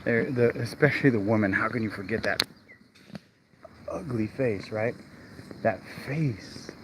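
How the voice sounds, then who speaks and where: A man's voice: lowish voice, measured pace, background noise. A man working as a real estate agent, chatting and rambling to himself in a casual livestream while going door to door outdoors, recorded on a mobile phone. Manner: chatty, rambling, talks to himself between doors. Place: outdoors on residential streets.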